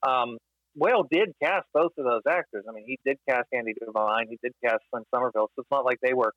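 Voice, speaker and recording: A man talking through film history in a casual podcast discussion, thoughtful and measured, with many fillers. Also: medium pitch, dry recording, highs cut off.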